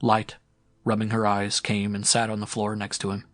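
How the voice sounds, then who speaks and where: A man narrating a science fiction audiobook in a steady, dramatic reading. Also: lowish voice, normal speed, dry recording. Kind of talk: scripted narration.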